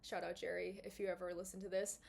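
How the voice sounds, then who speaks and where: A woman's voice: lowish voice, flat delivery, fast talker, gravelly, darkish tone. Twenties female host, loose casual chat full of asides, recorded in her bedroom. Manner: chatty, rambling, full of fillers and asides. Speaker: podcast host. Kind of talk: casual talking-to-camera chat. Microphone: small clip-on mic.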